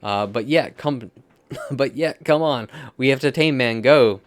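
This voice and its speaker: A man's voice: medium pitch, unhurried, dry recording, pitched above the performer's own voice, close to an everyday voice. A man reading as a hostile young rival. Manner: loud stumbling dramatic reading.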